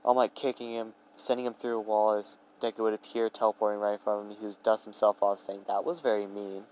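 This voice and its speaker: A man's voice: on the low side, completely flat delivery, fast talker, a little mellow, slight background noise, rough recording. Young man rambling through a fan story. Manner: rambling, with fillers and restarts. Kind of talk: improvised fan-fiction narration.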